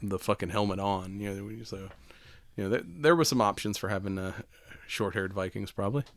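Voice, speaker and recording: A man's voice: on the low side, fairly quick, fairly bright tone, no room sound. A man co-hosting a casual podcast chat, laughing often, swearing freely and acting out quotes. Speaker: podcast co-host.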